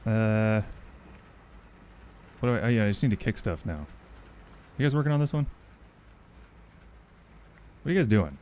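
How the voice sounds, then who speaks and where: A man's voice: lowish voice, big pitch swings, moderate pace, long pauses, a little mellow. A man streaming a game, teasing the players he chases with playful remarks and bursts of laughter. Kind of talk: casual gameplay commentary.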